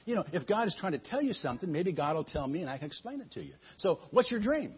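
A man's voice: sits high, big pitch swings, fast talker, slightly rough, heavily acted. A man voicing a modest young man who explains dreams. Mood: humble. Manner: modest, reassuring. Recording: dull lo-fi recording.

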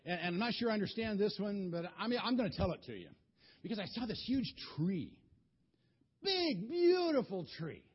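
A boastful, easily rattled king from a children's Bible story, as a man puts him on rambles along with halting restarts. His voice sits fairly high and breathy and swings widely in pitch. The recording sounds dull and lo-fi. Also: big pitch swings, full character voice. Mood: rambling.

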